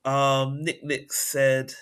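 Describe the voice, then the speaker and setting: A woman's voice: very deep voice, completely flat delivery, extremely slow, clear, resonant tone. A woman hosting a casual chat, reading out viewer comments with blunt, laughing asides. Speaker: host.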